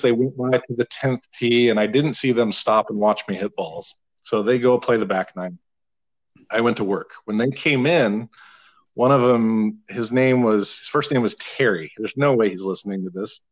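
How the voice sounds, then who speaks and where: A man in his thirties telling a long, animated, profane story in casual podcast chat, laughing now and then. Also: medium pitch, measured pace, highs cut off.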